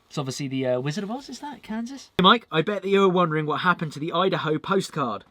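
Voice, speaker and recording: A man's voice: a little high, lively intonation, fast, few pauses, bright, forceful tone, no echo. A male channel host chatting casually as he reads out viewer mail and thanks the senders.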